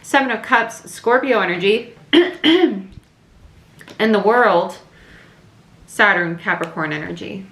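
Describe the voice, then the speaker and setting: A woman giving a casual, chatty tarot reading to camera, thinking aloud with fillers, a little hoarse. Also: mid-range voice, lively intonation, slow pace, pauses often, fairly bright tone, reverberant. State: slightly losing her voice. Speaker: tarot reader.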